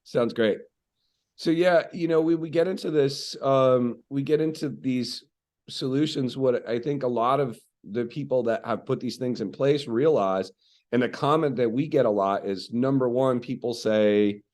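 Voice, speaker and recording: A man speaking as a real estate coach on a podcast, telling stories in a conversational, animated way with frequent fillers. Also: mid-range voice, normal speed.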